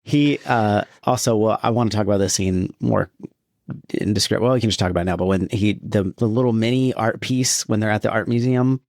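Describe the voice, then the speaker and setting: Enthusiastic man with a lower voice. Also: brisk, vocal fry, a little mellow, no room sound, clean studio sound. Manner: enthusiastic, laughs often, acts out quotes. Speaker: podcast host. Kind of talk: casual film discussion.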